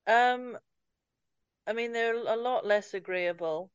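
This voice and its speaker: A woman's voice: a little high, takes it slowly, clean tone, no echo. A woman co-hosting a podcast in casual chat, with dry wit and frequent laughs. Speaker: podcast co-host. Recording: dull, very dry sound.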